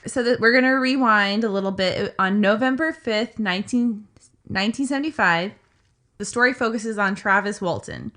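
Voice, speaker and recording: Bright-voiced woman telling a story. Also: medium pitch, normal speed. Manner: chatty, filler-heavy retelling with acted quotes. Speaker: podcast co-host. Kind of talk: casual storytelling chat.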